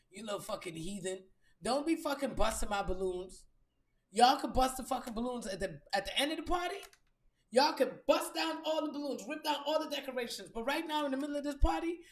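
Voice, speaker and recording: A woman telling a story in a blunt, profane and emphatic monologue as a podcast host. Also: medium pitch. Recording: echoey room.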